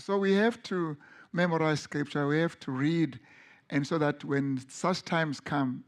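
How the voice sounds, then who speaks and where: A man's voice: a little high, fairly even intonation, measured pace. A man preaching a sermon, earnest and emphatic, often restarting his words as he presses a point.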